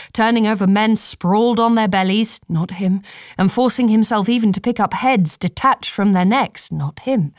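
A woman narrating an audiobook in a measured, steady storytelling manner. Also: medium pitch, dry recording, studio quality.

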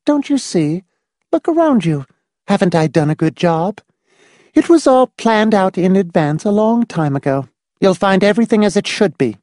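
A woman's voice: medium pitch, moderate pace, no echo, natural voice. A woman voicing a dry, dispassionate schoolteacher type. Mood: calm. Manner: dry, dispassionate, calmly insistent. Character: prim, controlling female schoolteacher type. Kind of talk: audiobook dialogue reading.

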